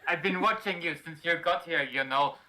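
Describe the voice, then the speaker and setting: A man's voice: a little high, moderate pace, very noisy, natural voice. A man voicing a huge, lonely huntress in a put-on Russian accent, speaking broken English. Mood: coy. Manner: broken English, dropped articles. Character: huge lonely female huntress, creepy but sweet.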